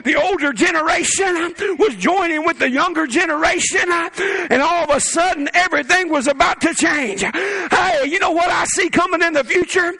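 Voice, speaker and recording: A man preaching a sermon in church, shouting in rhythmic bursts with laughing asides. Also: extremely high pitch, normal speed, vocal fry, no room sound. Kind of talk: pentecostal-style shouted sermon. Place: church sanctuary.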